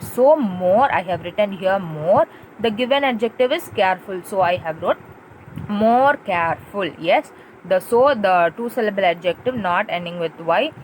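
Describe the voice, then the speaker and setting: A woman's voice: mid-range voice, poor audio. Woman teacher, repetitive classroom explaining, faint road noise. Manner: patient, repetitive explaining with spelled-out letters and check-in questions. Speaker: English teacher. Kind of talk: classroom grammar lesson.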